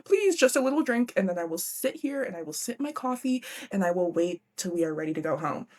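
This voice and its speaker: A woman's voice: on the low side, very animated, fairly quick, darkish tone. A woman voicing a young woman with a sprained ankle who sweetly pleads for a small favor. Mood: pleading. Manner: sweet, begging.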